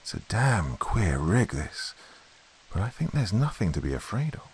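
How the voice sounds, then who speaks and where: A man voicing a blunt, steady sailor who questions a stranger in a gruff, commanding way. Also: lowish voice, moderate pace, heavily acted. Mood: urgent.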